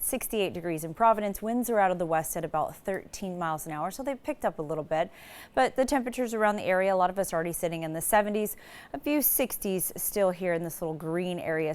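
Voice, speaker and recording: Woman meteorologist, live forecast, low-pitched, casual and loose. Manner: casual, many "so" starts and small restarts.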